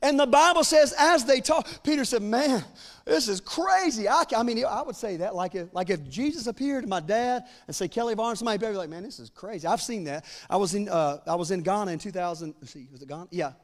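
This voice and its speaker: A man preaching an impassioned sermon, acting out biblical dialogue in casual voices and building to near-shouting peaks. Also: high-pitched, lively intonation, fast talker, few pauses. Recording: long hall reverb.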